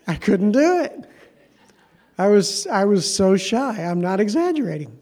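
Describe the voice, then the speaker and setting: A man's voice: sits high, big pitch swings, normal speed, warm tone. A man preaching a sermon as pastor, telling a story in a conversational, self-deprecating way.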